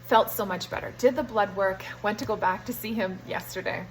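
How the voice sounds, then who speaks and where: A young woman recounting events in a casual, animated monologue, brushing off details with "da, da, da". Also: mid-range voice, fairly quick, rough recording. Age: young adult. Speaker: health vlogger.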